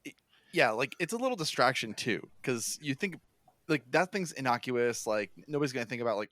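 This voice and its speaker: A man's voice: mid-range voice, animated, brisk, a bit bright, no room sound, studio quality. A man co-hosting a casual podcast chat, rambling with lots of fillers. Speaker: podcast co-host.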